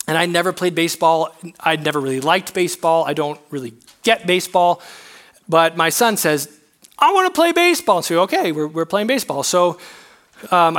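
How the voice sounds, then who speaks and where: A man in his thirties preaching to young adults, telling a personal story in an earnest, halting, emotional way. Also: fairly high pitch, a bit bright.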